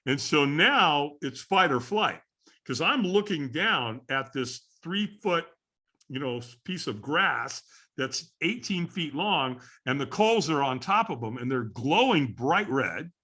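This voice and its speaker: A middle-aged man, a podcast guest, tells a story with animated repetition. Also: on the high side, slow, husky. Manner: animated storyteller who repeats phrases for effect. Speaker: podcast guest, firewalking instructor.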